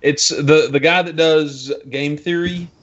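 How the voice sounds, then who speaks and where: A man's voice: fairly high pitch, fairly even intonation, unhurried, dull audio, a crowd in the background. A man chatting casually on a podcast who stumbles a little and repeats his words. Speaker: podcast co-host. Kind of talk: casual chat.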